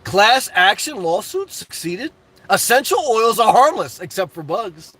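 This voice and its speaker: A man's voice: high voice, sing-song, measured pace, a bit bright. A man live-streaming from inside a parked car, rambling through viewer comments, joking and laughing often, with lots of "man" and "guys".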